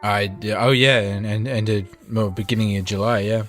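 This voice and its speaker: A man's voice: on the low side, fairly even intonation, normal speed, fairly bright tone, faint music behind. A British man co-hosting a gaming podcast, chatting casually with blunt, sweary banter. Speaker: podcast co-host.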